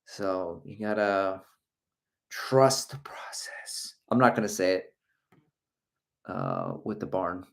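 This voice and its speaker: A man's voice: sits low, sing-song, takes it slowly, creaky, pauses often, fairly bright tone. Jokey middle-aged man hosting a livestream. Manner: jokey, laughs often, chatty asides. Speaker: running channel host. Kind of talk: casual livestream chat reading comments.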